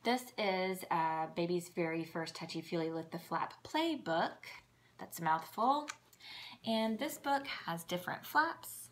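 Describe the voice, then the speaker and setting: A woman's voice: medium pitch, creaky, a little hiss or hum. A woman casually showing children's books and acting out their sound words in a sing-song voice. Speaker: children's book reviewer. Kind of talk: casual show-and-tell of books.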